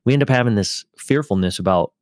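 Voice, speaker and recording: A man's voice: lowish voice, fast talker, dry recording, clean studio sound. A man co-hosting a casual faith podcast, telling stories with acted-out quotes and easy laughter. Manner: animated storyteller, acts out quotes, laughs easily. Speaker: podcast co-host.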